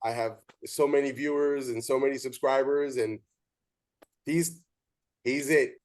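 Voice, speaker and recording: Speaking at a medium pitch and a slightly unhurried pace, a male show host who is also an umpire chats casually in an interview. He brings his stories to life with animated delivery and quoted dialogue.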